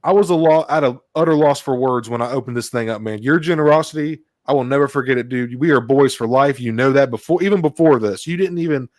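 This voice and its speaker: Excitable man ranting casually. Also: medium pitch, fast, few pauses, dry recording, clean studio sound. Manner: rambling, excitable, swears freely. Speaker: podcast co-host. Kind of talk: casual podcast chat.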